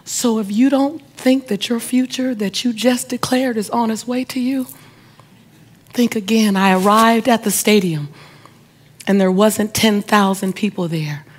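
A woman's voice: a little high, measured pace, breathy edge. Emphatic woman motivational speaker. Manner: emphatic, repetitive, speaks directly to the audience. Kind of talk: inspirational speech with personal storytelling.

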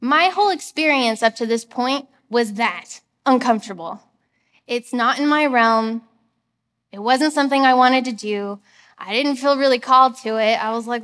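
A woman's voice: a little high, measured pace, fairly bright tone, long reverb tail. A young woman giving a church message, telling a personal story in a chatty way and laughing at herself. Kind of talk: personal testimony sermon.

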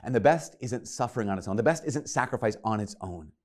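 A man's voice: fairly low pitch, lively intonation, fast talker. A man preaching a sermon in an earnest, conversational way, retelling scripture with quoted dialogue.

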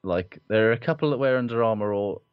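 A man's voice: on the low side, quick pace, clear, resonant tone, no room sound. A man co-hosting a casual rugby chat podcast, swearing often and laughing a lot. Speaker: podcast co-host. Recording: dry, slightly dull audio.

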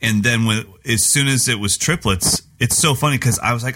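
A man's voice: mid-range voice, normal speed, hardly any pauses, bright, forceful tone. A middle-aged man co-hosting a podcast, joking around and scatting drum patterns aloud. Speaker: podcast co-host. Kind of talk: casual chat.

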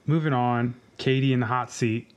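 A man's voice: mid-range voice, steady tone, normal speed. A man co-hosting a podcast, laid-back, giving short agreements and blunt opinions. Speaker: podcast co-host. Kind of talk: casual chat.

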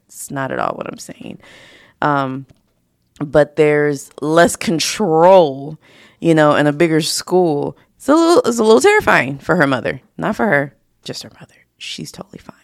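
A woman's voice: low-pitched, very animated, normal speed, gravelly, no room sound, clean studio sound. A woman hosting her own podcast, talking in a chatty, candid, casual way. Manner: chatty and candid, with frequent fillers and laughs. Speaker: podcast host. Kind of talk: casual solo podcast talk.

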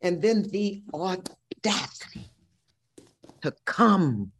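A woman's voice: lowish voice, big pitch swings, extremely slow, husky. A woman in her sixties from Missouri, telling her life story as an interview guest in a brassy, profane, dramatic way. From Missouri, USA. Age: 60s.

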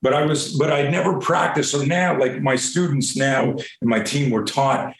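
A man spins a long, profane story in a relaxed interview. He throws in acted-out bits of dialogue. His middle-pitched voice carries a noticeable room echo. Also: moderate pace, a little hiss or hum. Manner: profane, animated storyteller acting out quotes. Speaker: guest. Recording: roomy echo.

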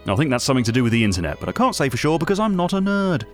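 Gossipy, vain British radio host, played by a man, rambling asides with a wildly animated voice. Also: on the high side, very fast, soft background music. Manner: gossipy, rambling, self-regarding. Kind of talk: comedy radio monologue.

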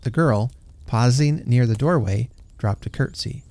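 Narrator for a classic story read aloud: man, mellow warm tone, unhurried and gentle. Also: medium pitch, no echo.

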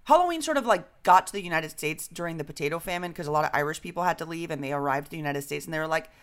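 A woman co-hosting a podcast, telling stories in an animated, joking way and swearing freely. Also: low voice, rapid-fire. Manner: animated, swearing, jokey storytelling. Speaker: podcast co-host. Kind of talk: casual chat.

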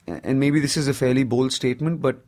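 A man in his thirties with an Indian accent talks through his story at an even, mid-range pitch. He speaks in a loose, lively conversational way, often tossing in "you know". The tone is that of a comedian chatting casually as an interview guest. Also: a little fast.

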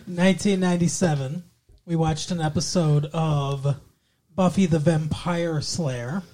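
A man's voice: a little high, fairly even intonation, a little slow, warm tone. A man co-hosting a podcast in casual banter, joking and teasing his co-host. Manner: joking, teasing, drops into silly impressions.

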